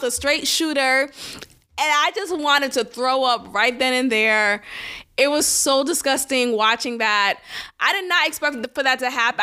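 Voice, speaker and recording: Animated high-voiced woman podcast host. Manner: animated, indignant, laughs often. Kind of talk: solo podcast commentary.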